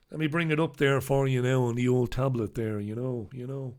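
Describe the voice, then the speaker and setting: A man's voice: mid-range voice, steady tone, fairly quick, few pauses, a little mellow. Sardonic man reviewing the papers. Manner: sardonic, swears freely; reads out viewer comments and headlines. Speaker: host reviewing newspapers. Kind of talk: casual live commentary.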